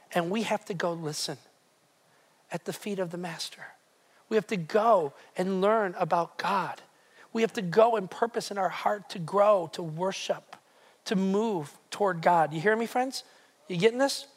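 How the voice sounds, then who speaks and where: The preacher's voice is high as he drives his sermon home, emphatic and repetitive, frequently asking his congregation pointed questions.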